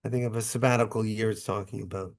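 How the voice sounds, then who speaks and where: A man's voice: lowish voice, fairly even intonation, quick pace. A man leads a Torah study class as its rabbi. He reads a verse phrase by phrase and explains each one in a conversational, step-by-step way, often checking in with his listeners. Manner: reads short Hebrew phrases, then explains in English; conversational, checks in with "right?" and "okay?". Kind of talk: Torah study lesson, reading verses and translating.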